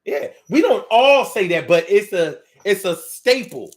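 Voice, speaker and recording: A man's voice: sits high, unhurried. A man from Philadelphia with a Philly accent, talking casually as host of a monologue show, repeating phrases and drawing out words. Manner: animated, repeats phrases, drawls words for effect.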